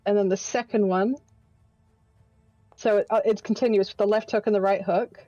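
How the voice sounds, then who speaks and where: A woman plays in an online tabletop game, her words tumbling out in eager restarts. Her voice is mellow and dark, recorded dry with a slightly dull, lo-fi tone. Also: medium pitch, steady tone, normal speed, no room sound, soft background music. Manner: eager, stumbling, laughs while describing. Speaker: player.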